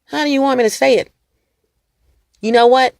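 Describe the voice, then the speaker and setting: A woman vlogger talking straight to her viewers in a casual rant, mocking and animated, laughing and repeating lines for emphasis. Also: sits high, normal speed, gravelly, dry recording, studio quality. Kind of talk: casual ranting monologue to camera.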